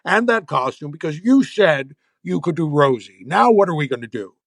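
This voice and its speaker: A man voicing an exasperated male TV producer who scolds flatly. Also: a little high, normal speed, no room sound, clean studio sound, exaggerated voice.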